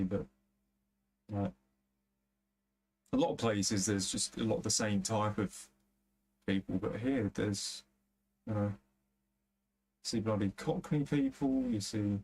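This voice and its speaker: Young london lad streaming a football game, lowish voice, rambly and sweary, loads of filler words. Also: male voice, a little mellow, breathy edge. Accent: London area English. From England. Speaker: gaming streamer. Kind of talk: casual chat while streaming a football game.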